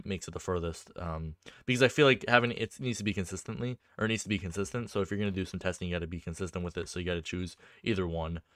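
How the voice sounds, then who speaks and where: A man with a somewhat low voice talks through a game he is playing in loose, casual commentary. He rambles, restarts his sentences and fills gaps with ums, and he gets easily excited. The sound is dry and close, with no room around it. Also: dry recording. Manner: rambling and chatty, full of fillers and restarts. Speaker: game map creator and video creator.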